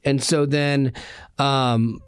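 A man's voice: mid-range voice, extremely slow, clear, resonant tone, no room sound. A man hosting a casual talk show, with a mid-range voice. He tells stories loosely, with fillers and restarts, and livens up when he quotes people. The sound is dry and close. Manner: storytelling, animated when quoting. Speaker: host.

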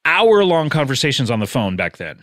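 A man's voice: mid-range voice, fairly quick, no room sound, studio quality. A middle-aged man hosting a podcast, telling stories in casual chat and chuckling often. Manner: animated, chuckling storyteller. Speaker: podcast host.

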